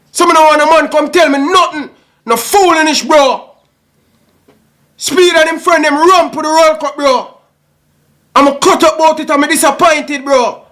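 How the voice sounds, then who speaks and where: Jamaican guy, real high voice, heated rant in patois, says bro every other line. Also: a bit bright. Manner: passionate, repetitive, frequent "bro" and "brother". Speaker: YouTube football commentator. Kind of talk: emotional rant to camera.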